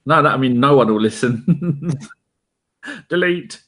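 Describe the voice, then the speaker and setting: Banter-prone podcast co-host, animated pitch, laughs a lot. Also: male voice, slow pace. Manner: jokey, laughs often, banters. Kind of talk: casual chat.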